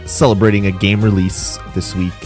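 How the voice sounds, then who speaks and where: A man's voice: low-pitched, level tone, moderate pace, music in the background. A young man hosting a casual gaming podcast, chatty and rambling, laughing easily. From Canada. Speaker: podcast host.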